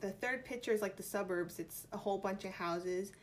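A woman's voice: mid-range voice, fairly quick, slight background noise. A woman with a New York accent, vlogging in casual chat, reading out quiz options and thinking aloud playfully. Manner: chatty, playful, reads options aloud and muses.

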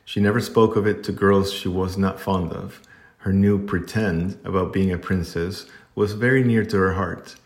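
A man reading a classic storybook aloud in an even, unhurried narrating manner. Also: low-pitched. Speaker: audiobook narrator.

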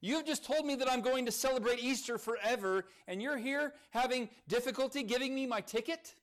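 A preacher voicing an elderly, devout woman who scolds gently and joyfully. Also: on the high side, expressive, takes it slowly. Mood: joyful scolding. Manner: chiding, joyful.

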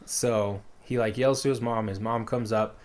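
A man's voice: on the low side, steady tone, moderate pace. A man casually retelling a story as a podcast co-host, rambling with lots of fillers.

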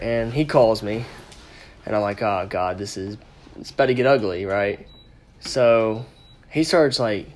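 A man hosting a casual podcast who talks bluntly and swears freely. He rambles through his story in an ordinary, mid-pitched voice into a podcast microphone indoors. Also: a little hiss or hum. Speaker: podcast host. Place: indoor room with friends.

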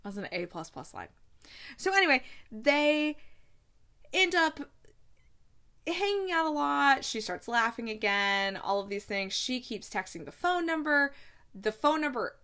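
A woman hosting a casual recap, chatty and animated, gushing and tossing in playful asides while she retells scenes. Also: high voice, a little slow. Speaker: podcast host reviewing movies.

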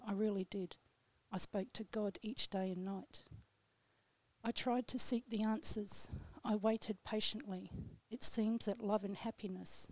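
This guest poet reads her poem on the radio at a slow, solemn, steady pace. Her voice, somewhat mellow and middle in pitch, hardly varies. The studio recording is close and dry.

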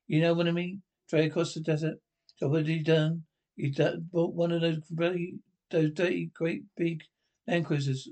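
A man's voice: a little high, darkish tone. A man delivering a rambling, enthusiastic sketch-comedy monologue. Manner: rambling, enthusiastic, everything called brilliant.

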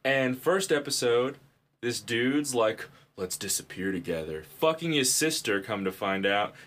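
A man co-hosting a podcast, telling stories in casual chat with lots of profanity and animated turns. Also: medium pitch, measured pace. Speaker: podcast co-host.

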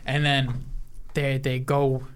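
A woman with a notably low voice holds forth in casual conversation. She explains things at length and swears freely. Her tone stays relaxed and chatty. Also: takes it slowly, clean tone. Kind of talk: casual chat.

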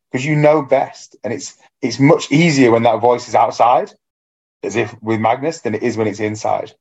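A man's voice: mid-range voice, moderate pace, darkish tone, slightly rough. Reflective man, muffled sound. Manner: reflective, acts out his own inner voice. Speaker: fitness coach and podcast co-host. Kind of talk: casual podcast chat. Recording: dull lo-fi sound.

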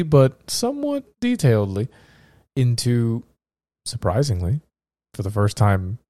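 A man who is sick hosts a laid-back podcast, joking and rambling as he reads through his notes. His voice sits at an ordinary middle pitch. It is recorded dry and close, with little room sound. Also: mellow, dry recording. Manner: joking, rambling, self-interrupting. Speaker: podcast host. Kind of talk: casual podcast chat and reading research.

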